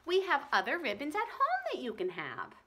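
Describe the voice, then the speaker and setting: A woman voicing a patient middle-aged mother in a storybook reading, calm and reasoning. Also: high-pitched, normal speed, pitched above the performer's own voice, exaggerated voice. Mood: soothing. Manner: soothing, reasoning.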